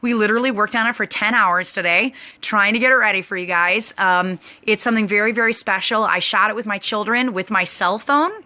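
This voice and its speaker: Speaking in a mid-range voice, a female host tells her online viewers an animated personal story, chatty and bubbly and peppered with "like" and false starts.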